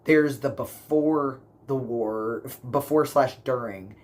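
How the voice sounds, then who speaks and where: A book vlogger rambles casually through book reviews for his channel, gushing about what he loved while packing his speech with fillers and self-corrections. He speaks slowly in a mid-range voice.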